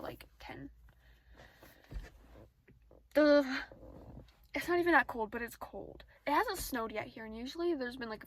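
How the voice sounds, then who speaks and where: A teenage girl vlogging outdoors on her phone, rambling fast and getting easily distracted in casual chat. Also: high-pitched, a little hiss or hum, low-quality recording. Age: teens. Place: outdoors, sitting in a parked car area.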